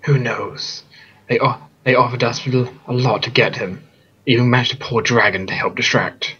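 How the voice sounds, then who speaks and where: A man's voice: medium pitch, fairly even intonation, normal speed, bright, forceful tone, breathy edge. A man voicing a captured bird-like humanoid prisoner who answers curtly and matter-of-factly, over a dull lo-fi mic. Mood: sullen.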